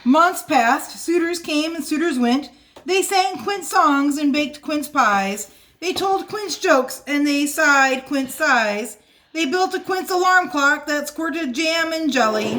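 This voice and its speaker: A woman reads a funny picture book aloud for children at home in a playful, expressive way. Her voice is high, bright and unhurried. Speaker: children's librarian. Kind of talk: read-aloud storytime.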